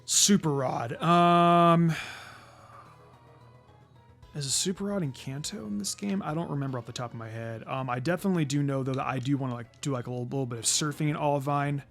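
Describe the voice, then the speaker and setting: A man's voice: on the high side, a little fast, creaky, a bit bright, faint music behind. A man doing let's play commentary as a channel host, stammering and repeating words, and swearing when annoyed.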